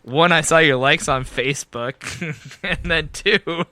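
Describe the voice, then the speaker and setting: A man's voice: fairly high pitch, measured pace, pushed and bright, no echo. A man hosting a podcast, telling stories in a casual, profane way, laughing often and acting out both sides of conversations. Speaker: podcast host. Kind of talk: casual chat, storytelling. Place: podcast studio.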